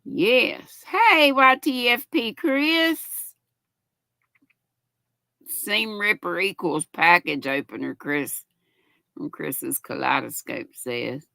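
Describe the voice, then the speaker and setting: A woman's voice: fairly low pitch, takes it slowly, vocal fry, long pauses, sharp tone, no room sound. An older woman, hosting a casual live-stream chat and reading viewer comments aloud in a chatty, affectionate way. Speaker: host.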